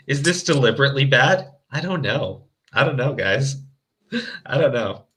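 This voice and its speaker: A man's voice: medium pitch, lively intonation, slow pace, sharp tone. A male streamer chatting casually and mockingly reading a fan story aloud, often laughing and stumbling over his words. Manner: laughing, crude, hesitant restarts.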